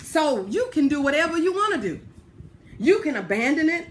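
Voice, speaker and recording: High-voiced woman preaching a sermon. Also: moderate pace. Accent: Southern American. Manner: animated preaching with laughter and acted-out prayers. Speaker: pastor. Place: church sanctuary.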